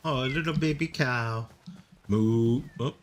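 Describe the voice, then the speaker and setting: A man's voice: on the low side, takes it slowly, vocal fry, a little hiss or hum. A man in his fifties, a game streamer chatting casually with viewers in chat while he plays. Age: 50s. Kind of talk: casual live-stream chat over gameplay.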